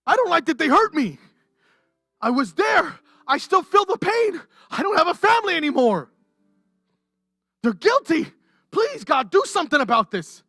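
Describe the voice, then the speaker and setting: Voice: very high voice, sing-song, moderate pace, long pauses, bright, forceful tone, dry recording, studio quality, soft background music, pitched above the performer's own voice, heavily acted. A preacher voicing a hurt, grieving person who pleads with God for justice in a raised, aggrieved voice. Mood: pleading.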